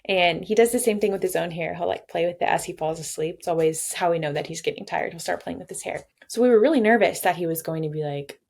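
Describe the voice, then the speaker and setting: A young woman tells her own story in a candid interview, speaking fast in a lowish, darkish voice with vocal fry and hardly any pauses. She's a patient, open and reflective, laughing lightly and slipping into playful quoted voices.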